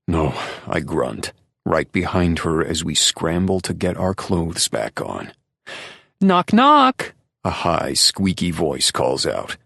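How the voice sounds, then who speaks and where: A man narrating a romance novel in the first person, with measured, low-key storytelling. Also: gravelly, fairly bright tone, husky, dry recording, clean studio sound. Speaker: audiobook narrator.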